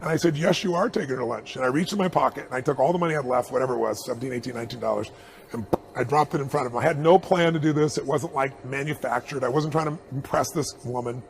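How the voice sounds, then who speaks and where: A middle-aged man telling a personal anecdote in an interview, animated and chuckling as he acts out the dialogue. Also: medium pitch, racing. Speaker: interview guest.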